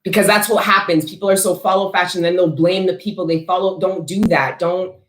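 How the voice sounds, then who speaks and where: A woman hosting a casual livestream, chatting bluntly with viewers and answering their questions, swearing freely and talking with animated emphasis. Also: on the low side, brisk, reverberant. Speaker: host selling frankincense to viewers.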